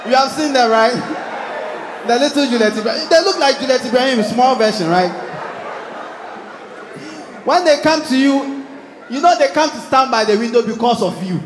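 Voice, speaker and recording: A young Ghanaian man with a Ghanaian English accent doing animated stand-up comedy, acting out characters with shouts. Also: very high-pitched, quick pace, roomy sound, big-room sound, crowd noise, noisy background. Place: large hall with live audience.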